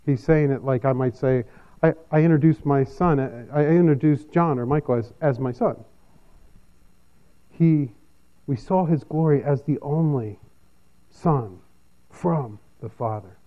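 A man preaching a sermon in a measured, expository way, with his pitch rising and falling often. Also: highs cut off. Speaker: pastor.

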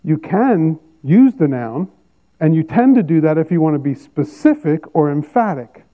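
A man's voice: a little high, big pitch swings, normal speed. A man preaching a sermon as a pastor, teaching emphatically and repeating key phrases. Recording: tinny phone-like sound.

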